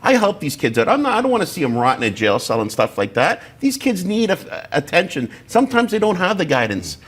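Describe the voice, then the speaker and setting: A man's voice: a little high, huge pitch swings, brisk, fairly bright tone, husky. A man in his forties co-hosting a political talk show, speaking bluntly with many fillers and restarts.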